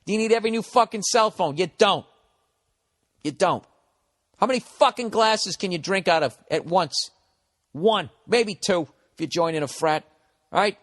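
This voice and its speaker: Blunt, profane comedian host in his forties, Boston accent, fairly high voice, long reverb on the recording. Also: moderate pace, a bit bright. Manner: profane, blunt, mock-harsh then encouraging. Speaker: comedian podcast host giving advice. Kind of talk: rambling comic advice monologue.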